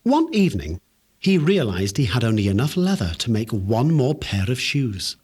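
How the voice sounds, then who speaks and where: A man reading a fairy tale aloud for children in an expressive storytelling manner. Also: medium pitch, normal speed, husky.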